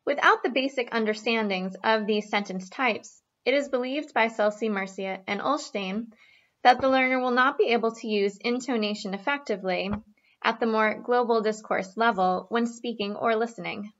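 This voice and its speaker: A woman with a fairly high voice reading her part of a class presentation in an even, scripted way. The recording is dull and lo-fi. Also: normal speed. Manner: reads a prepared script evenly. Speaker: student presenter. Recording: dull lo-fi sound.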